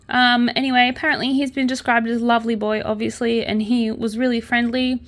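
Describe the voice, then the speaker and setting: A woman's voice: on the high side, flat delivery, brisk, hardly any pauses, a bit bright. A young Australian woman hosting a casual chat, reading news aloud and reacting with open sorrow. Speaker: podcast host. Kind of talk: casual true-crime commentary while crocheting.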